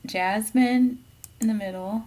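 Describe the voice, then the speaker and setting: A woman's voice: fairly high pitch, steady tone, slow, darkish tone. A woman co-hosting a podcast, chatting casually and rambling, often trailing off and restarting her sentences. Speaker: podcast co-host. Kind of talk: casual chat.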